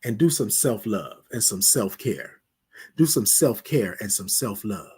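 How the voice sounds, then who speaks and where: A man hosting a morning show, giving a preacherly talk on self-care, repeating phrases and dropping his voice low on refrains, calling listeners "y'all". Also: expressive, unhurried, warm tone, husky. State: emotional. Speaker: host.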